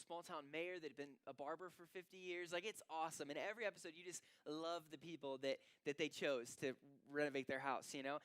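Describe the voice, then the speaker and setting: A man preaches to his congregation in a lively, conversational way, dropping into casual asides. His voice sits a little high and sounds smooth and resonant. The recording is dry and close, with little room sound. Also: no room sound. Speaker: pastor. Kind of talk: sermon. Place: church sanctuary.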